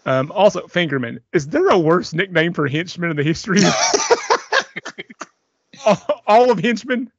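A man's voice: high voice, expressive, normal speed, long pauses, breathy edge, no room sound. A man co-hosting a casual movie podcast, rambling and laughing often as he talks. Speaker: podcast co-host. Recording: dry, muffled lo-fi sound.

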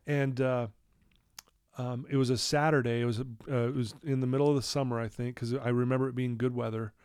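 A man's voice: medium pitch, flat delivery, fairly quick, a little mellow, clear, resonant tone, dry recording, clean studio sound. A man, a recovery counselor, telling a personal story candidly and with feeling, in his office. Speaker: addiction recovery counselor, guest.

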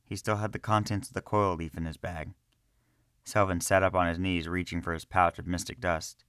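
A man narrates a fantasy story in a slow, measured reading. His voice sits very low, and the recording is close and dry, with no room sound. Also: level tone, a bit bright, clean tone, no echo.

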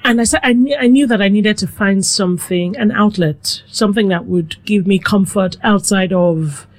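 A middle-aged woman from Nigeria, a guest telling her life story in a relaxed, reflective way. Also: medium pitch, normal speed. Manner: reflective, animated with quoted asides. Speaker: guest, food blogger. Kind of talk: conversational storytelling.

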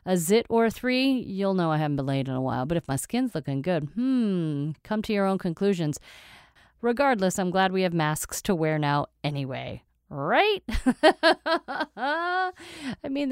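A middle-aged woman talks on her own show with a smooth, clean voice that sits a little low. She is candid and playful, chatting freely and wandering into asides. The sound is close and dry, with no room around it. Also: a little mellow, no echo. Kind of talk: casual solo monologue.

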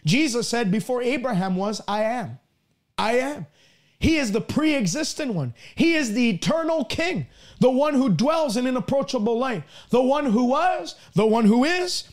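A man preaching a sermon, reading scripture aloud with slow, emphatic stresses. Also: very high-pitched.

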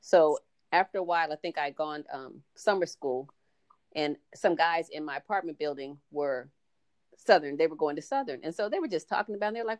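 Speaking a little fast and expressively, a deep-voiced middle-aged woman recounts stories as a guest on a casual podcast. She gives voice to the people she quotes, and the recording is dry.

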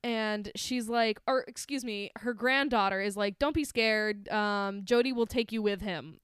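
A woman's voice: mid-range voice, a little slow, fairly bright tone, clean tone, dry recording, studio quality. A young woman co-hosting a podcast, chatting casually as she recaps a film, laughing often, sarcastic and swearing freely. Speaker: podcast co-host.

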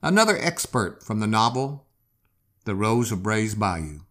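A man hosting a history show, telling the story in a dramatic, expressive way. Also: on the low side, a little slow. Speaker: history podcast host. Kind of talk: storytelling narration.

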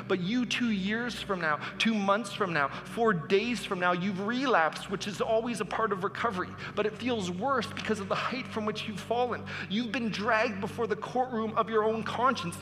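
A man's voice: sits high, bright, forceful tone, in a large hall. A man preaching a sermon as pastor, earnest and building to emphatic appeals.

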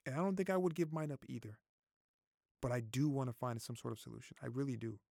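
A man in his thirties talks straight to his viewers in a casual vlog, repeating himself, swearing freely and choking up. His voice has a gravelly edge and a middling pitch. The sound is close and dry. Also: fast talker, darkish tone, no echo. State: close to tears. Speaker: vlogger. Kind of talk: casual opinion talk to camera.

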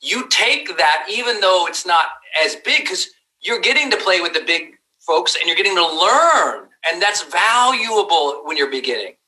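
High, very bright emphatic man. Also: big pitch swings, moderate pace, rough recording. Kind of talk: motivational business talk.

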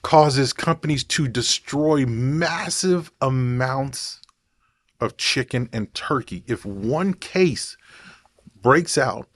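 Guy vlogging, slow and digressive, keeps going off on tangents, dry recording. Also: mid-range voice, expressive, no room sound. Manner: rambling, digressive, thinks aloud. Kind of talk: casual talk to camera.

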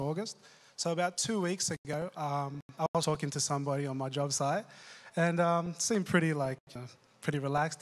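Hesitant man sharing testimony in a hall. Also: fairly high pitch. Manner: hesitant with many fillers. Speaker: church member sharing testimony. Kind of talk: telling a testimony. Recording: echoey hall.

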